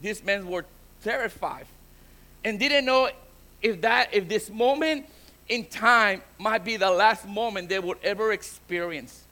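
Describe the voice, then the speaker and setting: High bright-voiced male preacher. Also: a little slow. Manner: repeats and restarts words, builds to emphatic exhortation. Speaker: pastor. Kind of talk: bilingual sermon.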